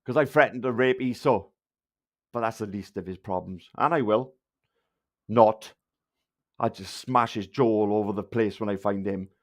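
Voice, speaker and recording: A man's voice: on the low side, normal speed, long pauses. Angry man with a Valleys accent. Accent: South Wales Valleys. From Wales. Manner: angry, insulting, heavy swearing. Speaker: livestreamer. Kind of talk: ranting livestream address to viewers.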